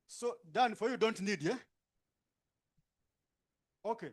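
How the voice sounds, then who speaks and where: A man with a high-pitched voice and a Ugandan English accent leads a workshop session in a conference room. He gives brisk instructions and keeps checking with tag questions. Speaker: workshop facilitator. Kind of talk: directing participants into groups.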